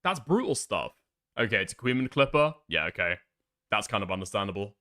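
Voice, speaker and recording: A man's voice: on the low side, very animated, a little fast, bright, forceful tone, no echo, clean studio sound. Rambling male streamer thinking aloud. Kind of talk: casual live-stream commentary.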